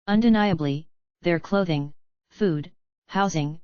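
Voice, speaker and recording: A woman reading the part of a thoughtful young woman who speaks in a measured, reasoned way. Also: fairly low pitch, a little mellow, no room sound, dull audio. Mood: reasoning.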